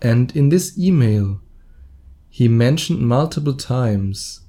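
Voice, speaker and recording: A man with a German accent talks through his podcast alone, in his thirties. His voice is very dark and mellow, at a middle pitch. He keeps it chatty and chuckles at his own mistakes. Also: lively intonation, takes it slowly. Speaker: podcast host. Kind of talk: solo podcast monologue.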